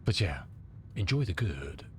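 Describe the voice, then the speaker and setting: A middle-aged man from England, slightly under the weather with a cold, talks loosely with his stream chat. His voice sits low but swings widely in pitch as he rambles through the viewers' questions. A faint rumble hums behind him. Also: sing-song, a little slow, darkish tone. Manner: rambling, chatty, answers chat aloud. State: has a cold. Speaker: flight sim streamer.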